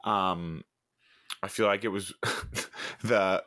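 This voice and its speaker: A man's voice: sits low, fairly even intonation, very slow, pushed and bright, no echo, studio quality. A man co-hosting a casual podcast chat, rambling and hesitant with many fillers. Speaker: podcast co-host. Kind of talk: casual chat about a TV show.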